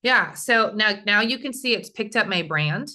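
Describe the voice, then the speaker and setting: A woman's voice: mid-range voice, expressive, normal speed, sharp tone. A woman speaker teaching a casual screen-share workshop over a video call, chatty and talking straight to her audience. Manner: chatty, talks to the audience, often asks "right?".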